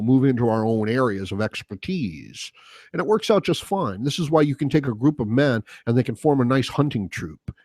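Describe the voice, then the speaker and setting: A man's voice: mid-range voice, darkish tone, no room sound. Profane rambling man, dry close mic. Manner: rambling, profane, full of fillers. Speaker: podcast host. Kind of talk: casual solo rant.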